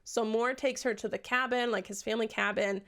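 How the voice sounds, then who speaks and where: Chatty sarcastic young woman with fry. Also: fairly high pitch, steady tone, fairly quick, fairly bright tone. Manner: chatty, sarcastic, swears often, acts out characters' lines. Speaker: book reviewer. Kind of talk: casual book recap.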